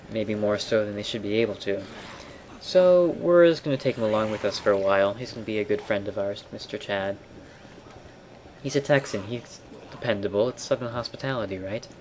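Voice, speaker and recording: A man casually commenting on a video game as he plays, explaining in a relaxed way with wry asides. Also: on the low side, slight background noise. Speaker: let's play commentator. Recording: game audio with gunfire mixed under voice. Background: clear game sounds and gunfire.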